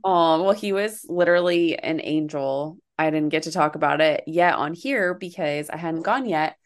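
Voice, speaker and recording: Relaxed lower-voiced woman chatting. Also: moderate pace. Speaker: podcast co-host. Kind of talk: casual chat.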